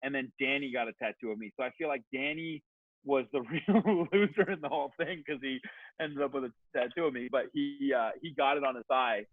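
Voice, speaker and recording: A man on a podcast, telling a long story in a casual, animated, rambling way, swearing freely and saying "like" a lot. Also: mid-range voice, brisk, dry recording. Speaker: podcast guest. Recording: tinny phone-like sound, dry.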